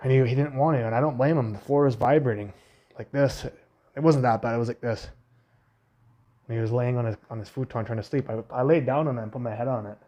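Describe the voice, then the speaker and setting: A man's voice: mid-range voice, quick pace, mellow. A young man on a casual livestream, telling a rambling, profane story about being wrongly blamed, speaking into a phone at home. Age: young adult. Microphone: phone livestream mic.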